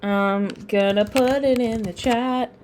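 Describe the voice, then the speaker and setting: A woman's voice: on the high side, fairly even intonation, slow, a little mellow, a little hiss or hum. A young woman teaching tarot on a live stream, chatting with viewers, often laughing and getting sidetracked. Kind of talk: casual live-stream lesson.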